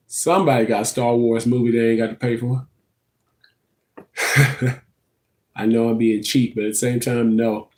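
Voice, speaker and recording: A man's voice: steady tone, moderate pace, long pauses. A man chatting casually to his viewers on a livestream, addressing them as y'all. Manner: chatty, talks to viewers as y'all, drops into high sing-song bits. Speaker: livestream host.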